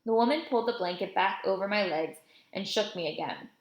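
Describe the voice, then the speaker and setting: A woman's voice: medium pitch, brisk, muffled recording. A woman reading a novel aloud, telling the story in the first-person voice of a boy. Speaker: audiobook reader. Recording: roomy echo.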